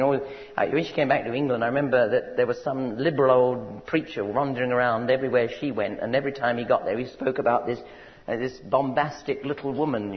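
A man preaching a sermon, telling stories and asking the congregation if they follow him. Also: mid-range voice. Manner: storytelling, conversational asides to the congregation. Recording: dull recording with long hall reverb.

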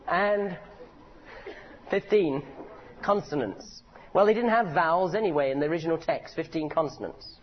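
A man's voice: fairly high pitch, moderate pace, muffled recording, a faint crowd, a little hiss or hum. A man preaching a sermon in a church meeting, telling stories with humor. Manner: animated, humorous storytelling.

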